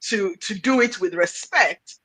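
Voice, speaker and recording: A woman's voice: mid-range voice, measured pace, fairly bright tone, breathy edge, poor audio. A woman hosting an interview, affirming her guest and thinking aloud with frequent restarts. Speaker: podcast host. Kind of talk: conversational interview.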